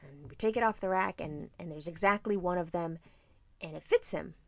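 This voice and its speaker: A woman's voice: on the low side, normal speed, fairly bright tone, no echo. A woman from Tampa, Florida, co-hosting a podcast, telling a story in a casual chat, acting out other people's voices and laughing often. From Tampa, Florida, USA. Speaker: podcast co-host.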